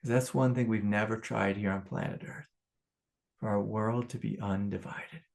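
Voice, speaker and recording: A man, a spiritual teacher giving a satsang talk, often laughing, swinging from impassioned outbursts to hushed prayer. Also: fairly low pitch, fairly even intonation, moderate pace, vocal fry.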